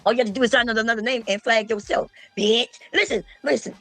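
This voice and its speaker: A woman streamer giving loud, mocking commentary, laughing often and mimicking the people she talks about. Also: fairly high pitch, steady tone, fast, no echo, soft background music. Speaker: streamer reacting to a panel. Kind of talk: casual livestream commentary.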